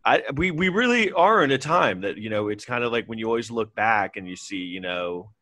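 A man's voice: on the low side, expressive, fairly quick, sharp tone, no echo. A man in casual chat, ranting and swearing in exasperation.

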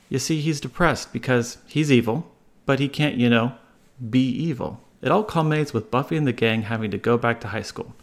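Gravelly man reading a wry recap. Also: mid-range voice. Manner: wry, jokey. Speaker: podcast contributor. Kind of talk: scripted recap narration.

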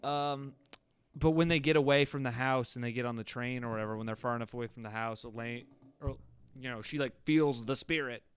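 A man's voice: mid-range voice, brisk, clear, resonant tone. Laid-back man rambling about movies. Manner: rambling, laughing, acts out quotes. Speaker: podcast co-host. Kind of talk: casual movie review chat.

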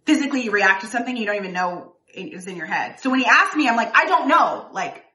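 Bright-voiced chatty woman. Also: mid-range voice, animated, quick pace, recorded from a distance. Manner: chatty, laughs often, trails off and restarts. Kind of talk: casual chat. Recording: echoey room.

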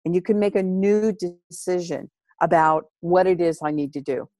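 A woman's voice: lowish voice, normal speed, mellow, dry recording, clean studio sound. A woman in casual conversation about parenting, speaking earnestly and emphatically in a coaching tone.

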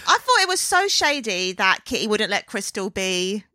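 Woman co-host, casual and playful, lively bright voice, dry close mic. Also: medium pitch, dry recording. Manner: chatty, playful, quick asides. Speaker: podcast co-host. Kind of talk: casual chat.

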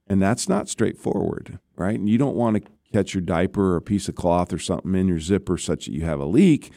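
A man's voice: deep voice, lively intonation, brisk, creaky, mellow, dry recording, studio quality. A man, a former astronaut, telling stories in an interview in a conversational way, often checking in with the listener. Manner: conversational, keeps checking in with "right?". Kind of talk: interview storytelling.

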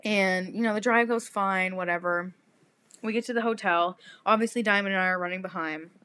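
A young woman from Texas hosts a casual podcast. Her voice sits at a middle pitch, and she talks bluntly with lots of swearing. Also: fairly quick, bright, forceful tone, clear, resonant tone. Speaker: podcast host. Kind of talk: casual chat.

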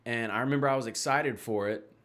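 A man's voice: medium pitch, fast talker, fairly bright tone. A young man from Tennessee, a podcast guest chatting casually, rambling and swearing freely with lots of laughs. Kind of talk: casual chat.

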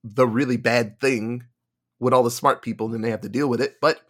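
A man hosting a podcast in casual chat, lively and swearing, acting out characters. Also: mid-range voice, fairly quick. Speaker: podcast host.

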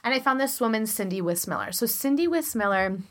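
A woman in her thirties from Chicago co-hosts a podcast in chatty storytelling. Her voice is fairly high and placed forward, with a musical-theater ring. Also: animated, a little fast, a bit bright. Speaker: podcast co-host. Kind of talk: casual chat.

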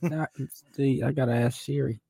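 A man's voice: medium pitch, steady tone, normal speed, vocal fry, mellow, husky, no room sound. A man co-hosting a casual podcast, easygoing, tossing in wry remarks and laughing along. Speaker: podcast co-host. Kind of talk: casual chat.

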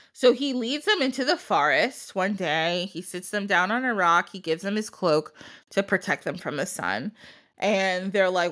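A woman podcast host with a medium-pitched, slightly bright voice retells a folk tale in a casual, chatty way. She laughs often and tosses in slangy asides.

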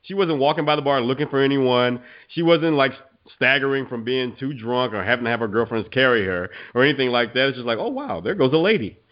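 A man co-hosting a podcast in easy, casual chat, a laughing storyteller who keeps cracking himself up. His voice sits at an average pitch, and the recording sounds somewhat dull and lo-fi. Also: fairly quick, few pauses. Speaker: podcast co-host.

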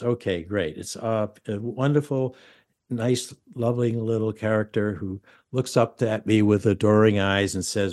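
An older man with a lowish voice, hosting a casual podcast chat. He tells stories with animated asides and jokes, and often laughs at his own punchlines. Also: normal speed. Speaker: podcast host.

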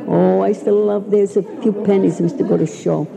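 An older woman reminisces in a chatty, rambling way, laughing at her own stories. Her voice has a gravelly edge. A crowd murmurs clearly behind her. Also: medium pitch, fairly even intonation, fairly quick, low-quality recording. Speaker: interviewee. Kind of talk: reminiscing oral history.

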